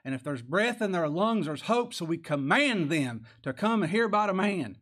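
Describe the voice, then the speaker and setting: Folksy male preacher, slightly high voice. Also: big pitch swings, normal speed, fairly bright tone. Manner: folksy, conversational, rhetorical questions, chuckles. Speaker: pastor. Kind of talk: sermon.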